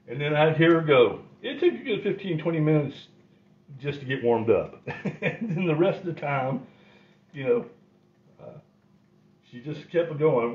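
A man's voice: fairly high pitch, big pitch swings, takes it slowly, long pauses. A middle-aged man telling rambling stories in a wry way, often chuckling. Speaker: host. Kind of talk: casual storytelling. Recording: roomy, slightly dull recording.

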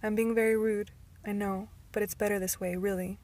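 A brooding, serious teenage boy from a storybook, cold and terse, as a woman reader voices him. His lines come out fairly flat and level, in a mid-pitched voice. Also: a little fast, close to an everyday voice. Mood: curt.

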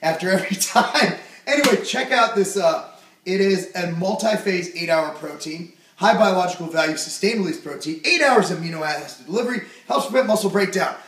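A young man with a fairly high voice hosts a goofy supplement review at home, full of jokes and sudden loud bursts. He sounds set back from the mic in a roomy space with a faint hiss behind him. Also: lively intonation, brisk, far from the mic. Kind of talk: jokey product review vlog.

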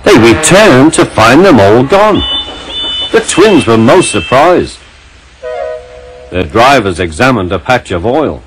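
A man narrating a children's railway story in a lilting, expressive way. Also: mid-range voice, slow, long pauses, soft background music, rough recording.

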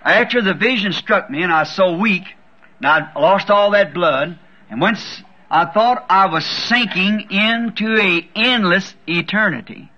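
A man's voice: sits high, a little slow, sharp tone. A man preaching a sermon, telling a vision as a fervent testimony and repeating words for emphasis. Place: church. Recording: dull lo-fi 1960s tape recording.

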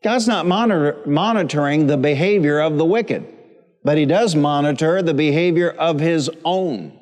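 Middle-aged preacher guy, bit high voice, loud church echo, jokey and repetitive. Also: moderate pace. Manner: preaching with humor and repetition, calls for audience responses. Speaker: pastor. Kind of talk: sermon. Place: church sanctuary. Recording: long church hall reverb.

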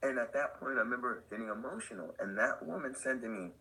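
A man's voice: medium pitch, expressive, fast talker, bright, forceful tone, husky, low-quality recording. An older man, a skateboard company owner and podcast guest, telling rambling stories in casual conversation with lots of fillers. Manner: rambling, loose and anecdotal with many fillers.

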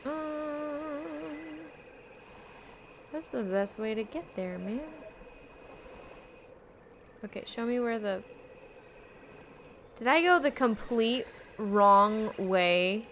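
A woman's voice: a little high, expressive, drawn-out words, long pauses, a bit bright, slight background noise. A woman giving casual, chatty let's-play commentary while streaming a game, exclaiming and joking at herself. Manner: chatty, exclaiming, self-deprecating.

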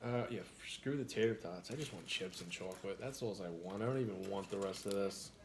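A man's voice: low voice, a little fast, a little hiss or hum. Easygoing New York man chatting. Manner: relaxed, joking, reads viewer comments aloud. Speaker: live-stream host. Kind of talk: casual live-stream chat while eating.

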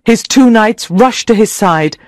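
A man narrating a simple story for English learners with a clear, dramatic reading. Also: high-pitched, lively intonation, a little slow, dry recording, studio quality.

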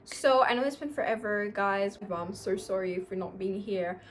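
A woman's voice: mid-range voice, moderate pace. A woman vlogger giving friendship advice in a chatty, sassy way, speaking in a put-on accent. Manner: chatty and sassy, addresses viewers as "guys". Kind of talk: casual advice vlog.

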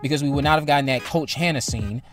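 A man's voice: a little high, fast, faint music behind. A man talking casually as a movie commentary host, opinionated and rambling, circling back to repeat his points.

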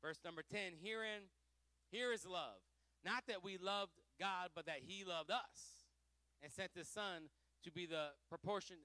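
A man pastor teaching a Pentecostal Bible study, fervent and animated, often laughing and swinging between loud exhortation and soft asides. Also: sits high, no echo.

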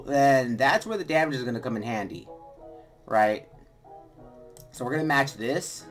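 A relaxed man gives casual game walkthrough commentary, wandering through his points with plenty of fillers and false starts. His voice sits at an ordinary middle pitch, and faint music plays underneath. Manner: relaxed, rambling, many fillers and restarts. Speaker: gaming video host.

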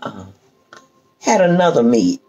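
An older woman with a very deep voice, heard through a muffled recording, tells a family story as a storyteller guest. She chats casually, lively and drawn-out, acting out her relatives' lines.

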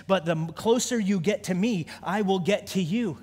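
A man preaches in a church, his voice sitting unusually high for a man. He talks conversationally, stumbling and restarting words, then climbs into fervent prayer. Long reverb trails off every phrase in the sanctuary. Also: moderate pace, few pauses, a little mellow, husky. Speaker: pastor. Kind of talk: sermon.

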